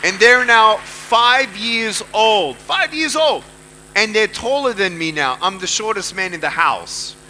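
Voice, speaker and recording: Bright, high-voiced man giving a motivational speech. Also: a little slow, few pauses, slight background noise, rough recording. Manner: emphatic, repeats phrases, questions the audience. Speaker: motivational speaker. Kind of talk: motivational speech to a live audience.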